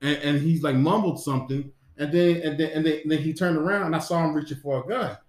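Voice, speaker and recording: A man's voice: a little high, fast talker, a little mellow. Rambling, cursing man in an echoey room. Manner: rambling, profane, many restarts. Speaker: podcast co-host. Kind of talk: casual storytelling.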